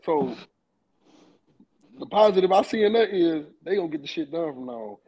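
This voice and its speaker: A man's voice: fairly high pitch, expressive, normal speed, warm tone, husky, rough recording. A man talking loosely and in slang, repeating himself, as a panelist on a casual sports podcast.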